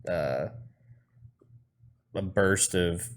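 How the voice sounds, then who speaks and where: A man on a podcast talks in a relaxed, easygoing way, pausing now and then to find his words. His voice sits a little low for a man. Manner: laid-back, hesitant with fillers. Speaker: podcast co-host. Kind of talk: casual chat.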